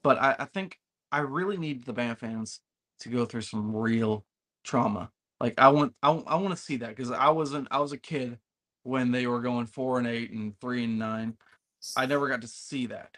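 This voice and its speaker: A man co-hosting a casual sports chat, excitable and trash-talking about rival fans. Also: mid-range voice, normal speed. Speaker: podcast co-host.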